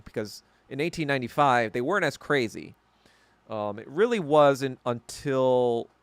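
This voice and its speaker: A man's voice: medium pitch, clean tone, no echo. A man hosting a podcast in a casual, profane, heated rant, rambling and correcting himself as he goes. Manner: rambling, with frequent self-corrections. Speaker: podcast host. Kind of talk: casual ranting monologue.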